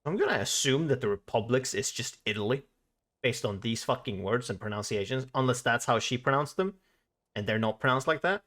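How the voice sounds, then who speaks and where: A man's voice: medium pitch, animated, a little fast, fairly bright tone. A man streaming a video game, chatting casually, swearing often and reading the game's text aloud. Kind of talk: casual live-stream commentary.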